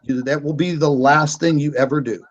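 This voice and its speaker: A man's voice: a little high, fairly even intonation, normal speed, lo-fi sound. A man hosting a casual online panel chat over a video call, talking in a meandering, hesitant and sarcastic way. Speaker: show host.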